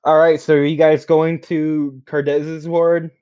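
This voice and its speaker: A man running a tabletop game as game master, relaxed and steering players back on track. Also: a little high, unhurried, clean tone, no echo, lo-fi sound.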